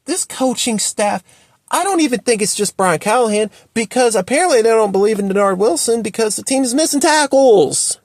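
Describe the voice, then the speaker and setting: Expressive and brisk, a man rants from home about his football team for a sports opinion video, with no room sound. As a fan commentator, he sounds exasperated and repetitive, with sharp rises and falls in pitch.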